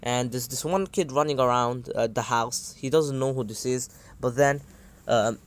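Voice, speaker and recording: A man's voice: mid-range voice, normal speed. A man casually improvising a fan story, rambling with many fillers and asides. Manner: rambling, full of "uh" and "anywho".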